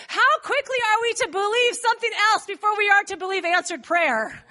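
A woman preaching a sermon in church, animated, telling the story with laughs and acted-out voices. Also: very high voice, brisk.

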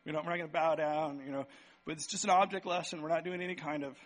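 A man's voice: fairly high pitch, fairly even intonation, quick pace. A man preaching to a church congregation, casual and chatty, often checking in with "right?" as he runs a live object lesson. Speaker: pastor. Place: church sanctuary with band.

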